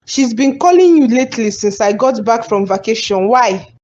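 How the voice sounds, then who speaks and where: A woman's voice: a little high, lively intonation, normal speed, darkish tone, a little hiss or hum, natural voice. A woman voicing a suspicious young wife in a cartoon, pressing with questions. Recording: slightly dull sound.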